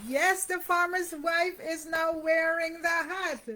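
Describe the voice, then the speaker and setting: Slow, high-voiced woman reading to children. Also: little pitch movement, bright, forceful tone. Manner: pauses to ask the young listener questions about the pictures; sing-song reading of rhymes and sound words. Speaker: children's book reader. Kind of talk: reading a picture book aloud to young children.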